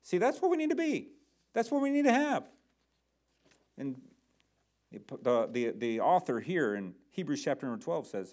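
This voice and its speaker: A man's voice: fairly high pitch, very animated, moderate pace, long pauses, a little mellow. Emphatic male pastor preaching. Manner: emphatic, rhetorical questions to the congregation. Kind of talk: sermon.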